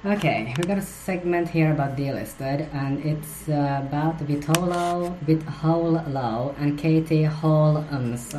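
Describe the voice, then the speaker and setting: Low-voiced woman rambling crude gossip, giggles a lot, bit of faint hiss behind. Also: slow, hardly any pauses. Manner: crude, giggly, rambling with many fillers and restarts. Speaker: podcast host. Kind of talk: rambling solo commentary on celebrity gossip.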